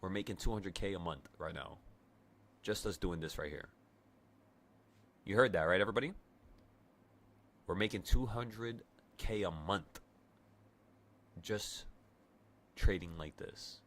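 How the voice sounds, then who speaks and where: A man's voice: low-pitched, measured pace, pauses often, slight background noise. A man in his twenties, a trading streamer telling a story in casual livestream talk, stammering and swearing as he goes.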